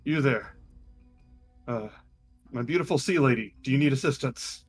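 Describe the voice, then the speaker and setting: A man voicing a swaggering, gallant male warrior who talks in a quick, cocky way. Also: medium pitch, breathy edge, soft background music, lightly acted.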